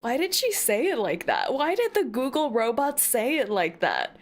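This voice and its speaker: Fields: Sex: woman. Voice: high, animated. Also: normal speed. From United States. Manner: giggly, animated, chatting to viewers. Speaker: streamer. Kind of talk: casual livestream chat.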